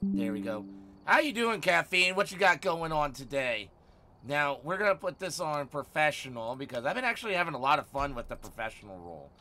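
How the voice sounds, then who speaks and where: A man live-streaming a game from home, chatting casually with viewers, teasing and swearing, often bursting out loudly. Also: a little high, big pitch swings, fairly quick, slight background noise. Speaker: livestreamer.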